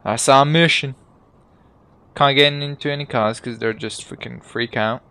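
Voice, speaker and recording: A man's voice: medium pitch, steady tone, measured pace, pushed and bright, smooth. A young man giving casual, joking gameplay commentary as he plays, swearing and laughing at himself. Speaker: gaming YouTuber.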